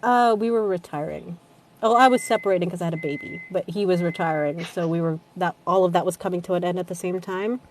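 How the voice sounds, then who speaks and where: A woman audiobook narrator chatting as a guest with a somewhat low voice, loose and chatty. She laughs easily and drops a casual swear now and then. A faint hiss sits under her voice. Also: fast talker. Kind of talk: casual chat.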